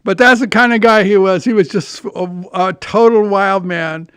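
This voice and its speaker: A man's voice: high-pitched, moderate pace, a bit bright, clear, resonant tone, no echo, clean studio sound. An older man hosting a podcast, telling rambling anecdotes in a casual monologue with frequent restarts and profanity. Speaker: podcast host.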